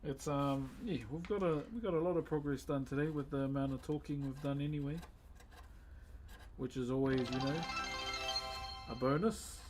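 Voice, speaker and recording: A man's voice: mid-range voice, steady tone, brisk, darkish tone, faint music behind. A man who carves wood on a live stream, chatting in a laid-back way and calling viewers "bro". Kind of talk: casual live-stream chat.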